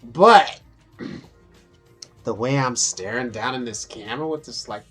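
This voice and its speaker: A woman's voice: very deep voice, slow, fairly bright tone, slightly rough, soft background music. A young adult woman vlogging casually, brash and profane, amused at herself as she talks through photos. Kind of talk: casual vlog talk over photos.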